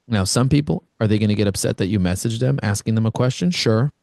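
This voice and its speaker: A man from Brooklyn, New York, coaching an online group on a video call with blunt, energetic, conversational talk. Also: fairly low pitch, fast, gravelly, no echo, studio quality. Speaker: networking coach, host.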